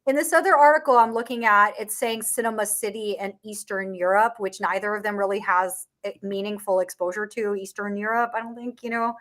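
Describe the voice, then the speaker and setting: Discussing investments in a casual online chat, this woman laughs a lot and her speech is full of fillers and restarts as she comments on the market. Her mid-range voice is steady and a bit bright, and she talks briskly with few pauses.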